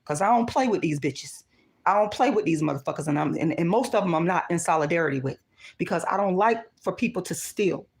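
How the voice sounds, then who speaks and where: A woman's voice: fairly low pitch, animated, brisk, gravelly. Angry profane woman livestreamer. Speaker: livestream host.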